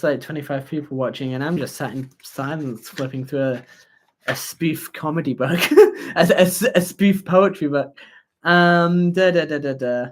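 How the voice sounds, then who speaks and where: A young adult hosting a casual livestream as a student union candidate, talking in a halting way with fillers and idle humming. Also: medium pitch. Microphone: webcam or phone on a livestream.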